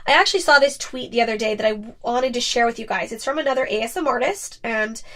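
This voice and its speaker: A woman's voice: a little high, quick pace, fairly bright tone. A young woman hosting a podcast, talking candidly and expressively in a casual monologue, sometimes teasing. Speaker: podcast host and ASMR creator.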